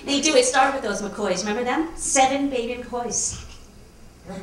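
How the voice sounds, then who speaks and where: Deadpan woman comic, lively voice. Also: on the high side, normal speed. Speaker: stand-up comedian. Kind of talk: stand-up comedy set. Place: comedy club stage before a laughing audience. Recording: echoey club recording from a distance, noisy.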